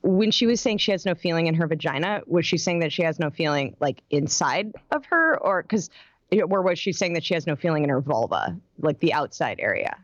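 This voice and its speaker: Female therapist co-host, gentle and clarifying, animated voice, dry mic. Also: low voice, brisk, dry recording, lo-fi sound. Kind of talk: conversational commentary.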